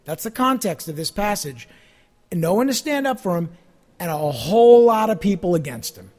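A male pastor with a notably high-pitched voice delivers a sermon. He talks in a relaxed, conversational way, full of everyday asides. His voice rises and grows louder on the phrases he wants to stress. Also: moderate pace. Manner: conversational preaching with fillers, rising emphasis on key phrases.

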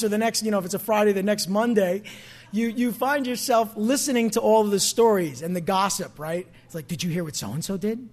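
A man preaching a sermon as pastor, talking conversationally and asking the congregation questions. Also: sits high.

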